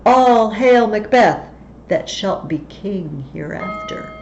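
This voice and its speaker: A woman's voice: medium pitch, lively intonation, slow, darkish tone, a little hiss or hum, voice pushed up. A woman voicing the wicked old witch sisters in rhythmic, incantatory chanting, from a slightly dull recording. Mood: hailing.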